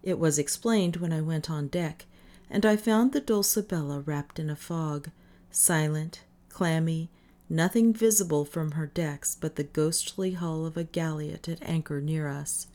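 A woman reading a first-person novel aloud in measured audiobook narration. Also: low-pitched, dark tone. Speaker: audiobook reader. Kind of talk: scripted narration.

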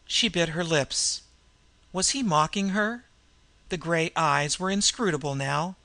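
A man reading a novel aloud as an audiobook narrator, measured, lightly voicing the dialogue. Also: a little high, vocal fry, sharp tone, dry recording. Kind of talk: scripted narration.

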